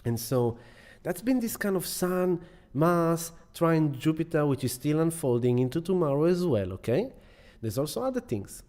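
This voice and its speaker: A man's voice: fairly high pitch, sing-song, normal speed, dark tone. A man hosting a live astrology stream, talking casually and affectionately, greeting viewers by name and rambling with restarts. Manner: rambling, with many restarts and repeated words.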